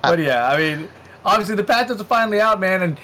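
A man co-hosting a casual gaming podcast, chatty and quick to laugh. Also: high voice, animated, pushed and bright. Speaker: podcast co-host.

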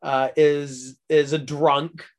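Brief: young male podcast host, rambling and laughing, unhurried, slightly high. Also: little pitch movement. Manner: rambling, laughing, many fillers. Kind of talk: casual chat.

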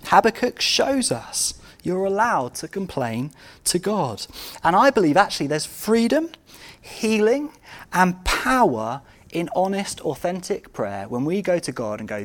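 A man preaching a sermon, asking his congregation rhetorical questions and moving between loud outbursts and quiet, intimate moments. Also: high-pitched, big pitch swings, a little slow.

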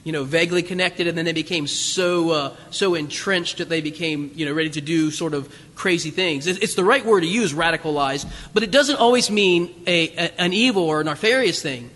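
A man preaching a conversational sermon, animated and chatty, acting out voices from the crowd. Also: fairly high pitch, a little fast, hardly any pauses. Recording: long reverb of a large hall.

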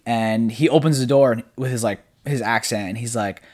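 A young man talks loosely into the mic at home, hosting his own podcast. He rambles in a laid-back way, drops casual swears and laughs a lot. His pitch sits in the middle of the male range. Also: fairly quick, a little mellow. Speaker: podcast host. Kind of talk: casual solo podcast chat. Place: apartment room at home.

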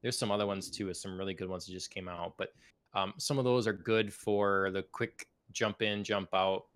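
A man with a somewhat low voice co-hosts a casual gaming podcast. He rambles easily, hedging and circling back with fillers as he talks. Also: steady tone, moderate pace, fairly bright tone, clean tone. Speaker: podcast co-host.

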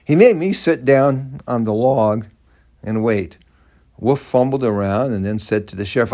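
An older man telling a first-person story aloud in an animated, dramatic way. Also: medium pitch, unhurried.

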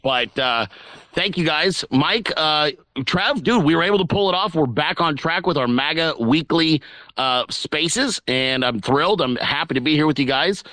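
Male host, casual and chatty, bright and dry. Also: fairly high pitch, lively intonation, moderate pace, dry recording, low-quality recording. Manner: loose, chatty, conversational. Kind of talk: casual live audio chat. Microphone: remote audio call.

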